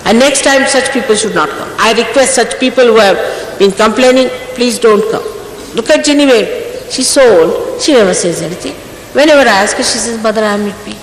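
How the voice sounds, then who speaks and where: A woman's voice: on the high side, lively intonation, normal speed. A woman gives an earnest, scolding spiritual talk to her followers. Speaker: spiritual teacher. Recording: echoey hall recording, faint noise.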